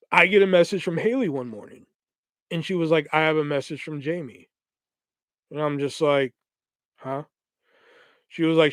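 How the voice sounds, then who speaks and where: A man's voice: a little high, clean tone, no echo. A young man hosting a podcast, telling a long story in casual, profane speech and acting out the quoted lines of the people in it. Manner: profane, animated retelling with quoted voices. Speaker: podcast host.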